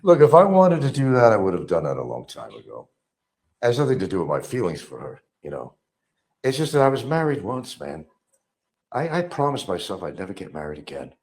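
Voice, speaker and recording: Bitter ranting man, wildly swinging pitch. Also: wildly swooping pitch, a little fast. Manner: bitter, repetitive, mocking, swings from mutters to loud outbursts. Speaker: livestream host. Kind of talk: rambling livestream rant.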